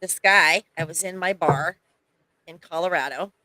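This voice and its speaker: A woman's voice: on the low side, moderate pace, bright, forceful tone, rough recording. A woman co-hosting a casual podcast, telling a bar story with wry, teasing remarks. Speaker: podcast co-host.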